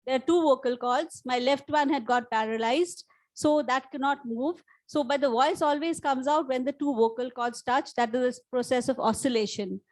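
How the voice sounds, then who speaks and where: A middle-aged woman with an Indian English accent speaks in a high voice with a slight huskiness. She tells her story earnestly to a live audience, leaning hard into the key points of her motivational talk. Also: normal speed, a little mellow, low-quality recording. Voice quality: slightly husky after vocal cord damage. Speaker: life coach. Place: conference hall before a live audience.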